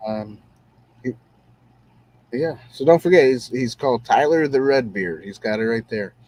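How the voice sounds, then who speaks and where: A man's voice: medium pitch, animated, normal speed, a little mellow, dry recording. A man hosting a casual show-review podcast, talking in an easygoing, rambling way with many fillers. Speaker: podcast host.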